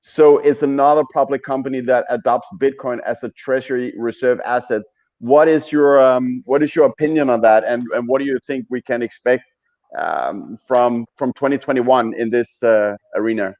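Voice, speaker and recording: A man co-hosting a podcast in casual chat, halting, with many fillers. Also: mid-range voice, darkish tone. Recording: muffled lo-fi audio.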